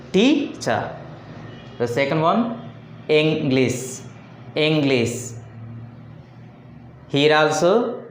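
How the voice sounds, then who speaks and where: Man, English teacher, very slow and deliberate, repeats key words, echoey room. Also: on the high side, a little hiss or hum. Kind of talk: slow phonetics lesson.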